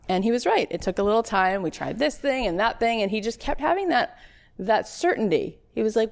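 A woman's voice: a little high, animated, brisk. A woman in her late thirties speaks as a podcast host, giving a motivational talk in a chatty, storytelling way. She acts out quotes with bursts of animation and keeps a friendly, conversational flow. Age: 30s.

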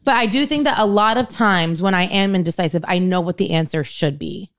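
A young woman co-hosting a podcast, chatting casually and candidly, animated and self-mocking. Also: on the low side, fairly quick, dry recording. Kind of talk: casual chat.

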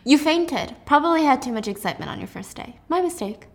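A woman doing a cool, quietly commanding young officer. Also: very high voice, lively intonation, fairly quick, voice pushed up. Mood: smug.

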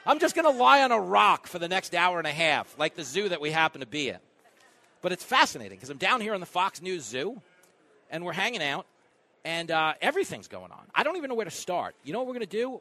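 Male talk radio host, bright lively delivery, comic monologue with sudden loud bursts; live event broadcast. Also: on the high side. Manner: fast joking riffs, big swings in loudness.

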